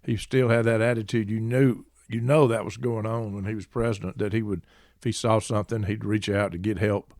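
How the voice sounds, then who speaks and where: A man hosting an interview, asking questions and warmly affirming his guest's points. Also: lowish voice, little pitch movement, brisk, no room sound, studio quality. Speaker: podcast host.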